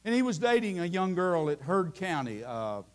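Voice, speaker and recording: High-voiced preacher, impassioned. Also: male voice, sing-song, moderate pace. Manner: impassioned, climbing into shouting at the peaks; folksy storytelling with many restarts. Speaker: Baptist preacher. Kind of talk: sermon. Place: church.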